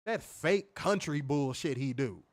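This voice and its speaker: A man with a voice on the high side co-hosts a wrestling review podcast, speaking at an unhurried pace. Even so, he's animated, ranting casually with frequent swearing, imitated voices, and loud laughter.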